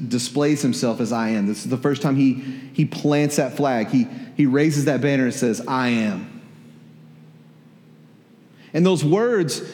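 This pastor's voice sits a little high and sounds slightly mellow. He delivers a conversational sermon in a church hall, repeating words and asking the congregation questions, and the room echoes.

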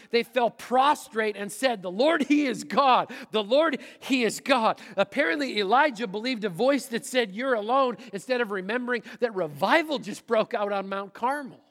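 A middle-aged male pastor with a notably high voice delivers a dramatic sermon. He acts out inner thoughts aloud, swinging from loud outbursts to hushed asides. A long hall reverb trails his words.

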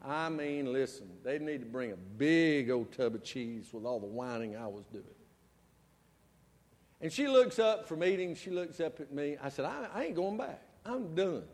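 A male pastor preaching a storytelling sermon, swinging between loud and soft. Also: medium pitch, moderate pace. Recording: long church reverb.

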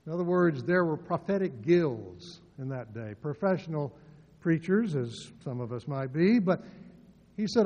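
An older man preaching in a storytelling way, dropping to quiet asides and then rising to forceful emphasis. His voice sits a little high for a man. The sound is slightly dull and rings with a long hall echo, as in a church sanctuary. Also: animated, measured pace. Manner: storytelling, shifting from soft asides to loud emphatic lines. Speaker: pastor. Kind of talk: sermon.

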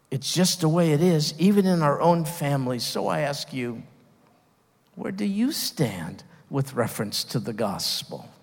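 Earnest male pastor preaching in a reverberant church. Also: fairly high pitch. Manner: earnest, emphatic, with repeated restarts. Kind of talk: sermon.

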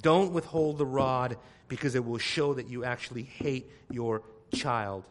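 A man preaching a sermon to his congregation. He talks emphatically, repeats phrases to drive his point home, and swings from quiet asides to loud exclamations. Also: mid-range voice, unhurried.

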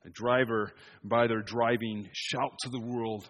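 A man preaching an expository sermon, shifting between emphatic raised passages and quiet asides. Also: medium pitch, fairly even intonation, measured pace.

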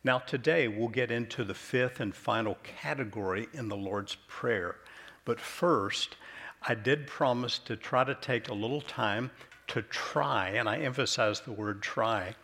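A man's voice: mid-range voice, measured pace, pushed and bright. Earnest man preaching a sermon. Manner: earnest, conversational, acts out quoted prayers. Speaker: pastor.

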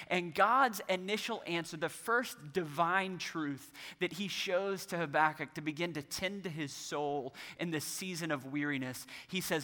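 A fairly high, bright and forceful male voice delivers an earnest sermon, stacking repeated phrases to build emphasis. His words ring out with the long reverb of a large hall. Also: moderate pace, hardly any pauses. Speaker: pastor.

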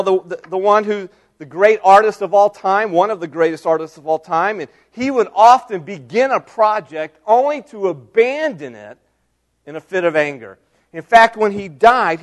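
A middle-aged male pastor preaching a sermon, moving between soft asides and raised, emphatic lines. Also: sits high.

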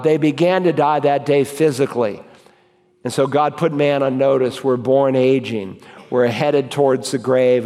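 A man, a pastor, preaching an emphatic sermon and reading scripture slowly and deliberately. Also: mid-range voice, darkish tone. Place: church sanctuary. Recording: long reverb of a church hall.

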